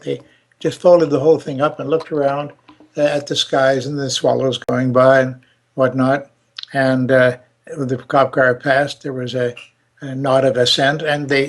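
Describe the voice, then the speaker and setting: An older man tells a story at an unhurried, meandering pace, stopping often to hunt for the next word. His voice sits a little high for a man. He hosts the show in a chatty storytelling way. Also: gravelly. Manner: rambling, hesitant, many fillers and restarts. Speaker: show host. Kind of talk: storytelling chat.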